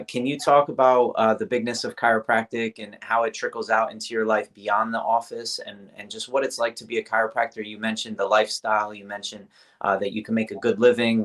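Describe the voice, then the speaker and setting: A man, a chiropractor, hosting the interview and asking measured, grateful questions. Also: lowish voice, fairly bright tone. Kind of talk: casual interview talk.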